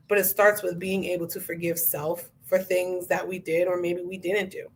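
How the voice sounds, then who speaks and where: A woman hosting a casual interview podcast, talking in an animated, chatty way and acting out inner voices with slang. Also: lowish voice, moderate pace, a little hiss or hum. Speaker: podcast host.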